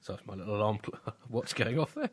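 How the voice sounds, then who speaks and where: A man's voice: fairly low pitch, big pitch swings, quick pace, husky. A man co-hosting a comedy podcast, delivering dry, wry asides in casual banter. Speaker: co-host.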